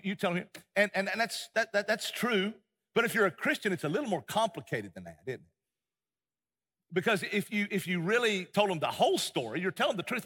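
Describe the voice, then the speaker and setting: Husky preacher in a reverberant church. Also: male voice, high-pitched, fairly bright tone. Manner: impassioned, many restarts and repeated words. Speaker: pastor. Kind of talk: sermon. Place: church sanctuary. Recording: long hall reverb.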